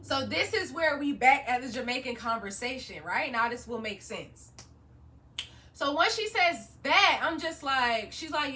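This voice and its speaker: A young woman vlogger telling a story in an animated, slangy way, laughing often. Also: high voice, a little slow, far from the mic, slight background noise. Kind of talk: storytime vlog.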